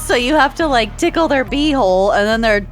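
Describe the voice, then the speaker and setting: A woman's voice: fairly high pitch, lively intonation, a little fast, soft background music. A woman co-hosting a podcast in casual chat, giggly and wry. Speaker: podcast co-host.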